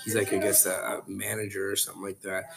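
A man telling his life story as a podcast guest, in a relaxed, rambling way full of likes and restarts. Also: on the low side, fast, vocal fry, music in the background. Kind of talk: casual storytelling. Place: coffee shop.

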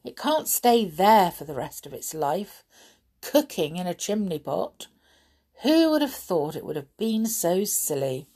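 A woman's voice: lowish voice, big pitch swings, measured pace, warm tone, slightly rough, full character voice. A woman voicing a gloomy, worried young boy in a children's storybook, speaking in a glum, fretful way. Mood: puzzled.

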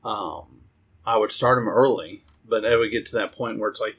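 A man's voice: lowish voice, moderate pace, a bit bright, slight background noise. A man co-hosting a podcast, talking casually and rambling with plenty of fillers and restarts. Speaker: podcast co-host. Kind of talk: casual chat about card games.

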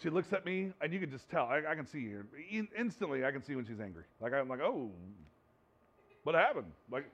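A man's voice: medium pitch, sing-song, fast talker, few pauses, fairly bright tone. A man preaching a sermon, earnest, often repeating himself and restarting his sentences. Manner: earnest, repeats words and restarts, laughs between points. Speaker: pastor.

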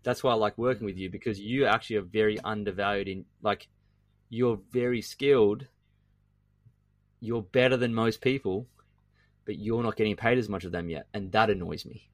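A middle-aged man with a low-pitched voice speaks as a podcast guest. He talks emphatically and repeats phrases for effect. The sound is dry and close, with no room around it. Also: moderate pace, no echo. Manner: emphatic, animated, repeats himself. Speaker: guest entrepreneur. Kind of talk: podcast conversation.

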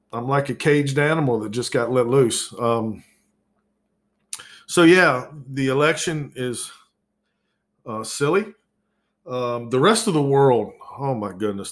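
A man hosting his own podcast, ranting profanely and sarcastically about the news, over-caffeinated. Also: mid-range voice. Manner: profane, exasperated, sarcastic, loud outbursts. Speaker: podcast host. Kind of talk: solo podcast rant.

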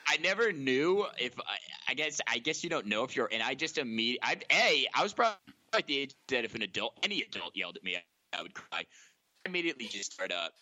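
A young man telling a funny story on a podcast, acting out the quoted lines with loud, animated voices. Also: mid-range voice, a little fast. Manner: animated, acts out quotes loudly. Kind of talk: comedic storytelling.

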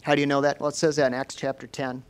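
A man preaching a sermon in a folksy, lively storytelling way. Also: mid-range voice, rapid-fire, clean tone.

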